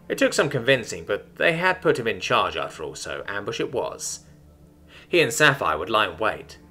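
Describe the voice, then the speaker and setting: A man reading a sci-fi story aloud as a scripted narration, with an animated storytelling delivery. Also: medium pitch.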